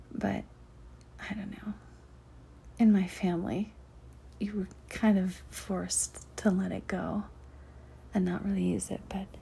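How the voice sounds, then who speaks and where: A woman's voice: mid-range voice, slight background noise. A woman from the Southern United States, an audio creator, whispering candid, chatty answers to listener questions. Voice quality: breathy whisper. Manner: candid and chatty, with frequent ums and soft laughs.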